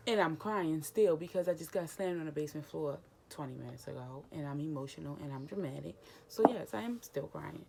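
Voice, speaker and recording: A young woman vlogger casually retelling a personal story, animated and emotional, acting out the dialogue. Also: low-pitched, moderate pace, gravelly, over music.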